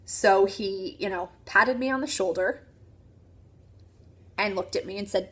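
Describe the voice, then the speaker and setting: Woman, 30s, from New Jersey, breathy and husky tone, earnest personal storyteller. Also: mid-range voice, fairly bright tone. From New Jersey, USA. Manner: earnest, halting with many ums and restarts.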